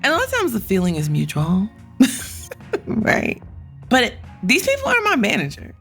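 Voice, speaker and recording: A woman's voice: a little high, normal speed, creaky, soft background music. A woman hosting a career podcast, talking casually and bluntly, swearing freely and acting out her own thoughts. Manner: blunt, profane and animated, with many quoted inner voices. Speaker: podcast host. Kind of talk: casual solo podcast talk.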